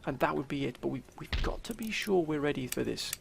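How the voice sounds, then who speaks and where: Gravelly man narrating his strategy game. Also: a little high, animated, a little fast, slight background noise. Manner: theatrical, addresses viewers as 'sir' and 'gentlemen'. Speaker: let's play commentator. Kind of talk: game commentary.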